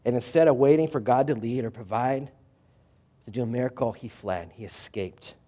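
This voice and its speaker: A male pastor giving a sermon, retelling a scripture story dramatically and swinging between loud and hushed passages. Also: medium pitch, moderate pace.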